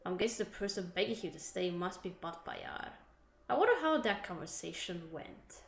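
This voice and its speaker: A woman in casual game commentary, chatty and self-deprecating, with a fairly low voice. Her voice rings in an echoey room. Faint background music plays beneath. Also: very animated, normal speed, gravelly. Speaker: gameplay commentator. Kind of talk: casual gameplay commentary, reading dialogue aloud.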